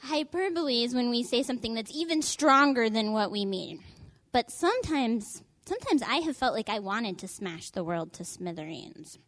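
A woman's voice: on the high side, sing-song, moderate pace, a bit bright, no room sound. A woman, leading a children's message in church, reading a story aloud and asking the children questions.

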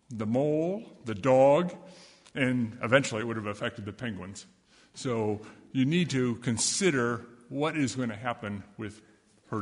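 Husky male storyteller for a children's talk in a reverberant hall. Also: medium pitch. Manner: lively, animated storytelling with questions to children. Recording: echoey hall with long reverb.

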